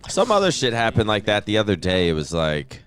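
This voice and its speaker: Deep-voiced man telling casual stories. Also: wildly swooping pitch, a little fast. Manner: loose and profane, acts out voices in anecdotes. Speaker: streamer host.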